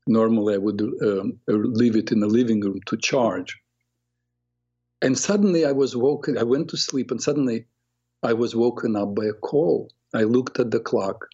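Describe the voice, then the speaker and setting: A man in his sixties hosting a radio show, telling a story at an unhurried, reflective pace with many fillers. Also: medium pitch, dark tone, slightly rough, highs cut off. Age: 60s. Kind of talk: storytelling monologue.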